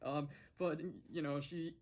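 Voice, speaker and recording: A man talks through a casual episode recap in a slightly higher-than-usual voice. He rambles, chuckles often and restarts his sentences as he goes. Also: level tone, unhurried. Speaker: show reviewer.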